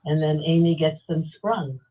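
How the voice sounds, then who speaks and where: A woman guest calling in to a casual interview, telling her story in a chatty, unhurried way. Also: low-pitched. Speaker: guest, advocacy group founder. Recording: tinny phone-like line.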